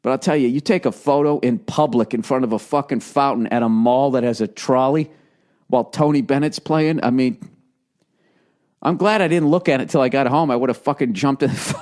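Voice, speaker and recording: A man's voice: mid-range voice, brisk, a little mellow. Profane ranting middle-aged man. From United States. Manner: profane, ranting, acts out quoted voices. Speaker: podcast host. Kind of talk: rambling comedic monologue.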